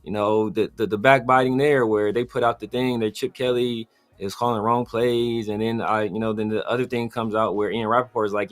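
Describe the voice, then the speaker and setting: A man hosting a casual sports talk show, telling stories in an animated way and mimicking other people. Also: lowish voice, brisk. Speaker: podcast host.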